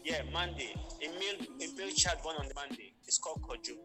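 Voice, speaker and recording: A man's voice: on the high side, expressive, fast, over music. A Ghanaian man with a Ghanaian-Nigerian accent, a guest talking earnestly and repeating words. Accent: Ghanaian with Nigerian influence. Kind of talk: casual chat.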